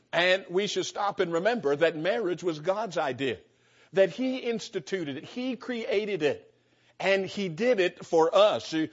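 An older male pastor preaching with an emphatic, rhythmic cadence, often repeating words as he builds a point. His voice sits a little high for a man. The recording sounds dull and lo-fi. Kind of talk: sermon.

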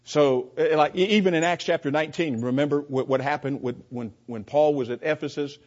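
A man's voice: a little high, fairly quick, darkish tone. A man teaching a Bible class in an emphatic way, asking rhetorical questions and often repeating his words. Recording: dull lo-fi recording.

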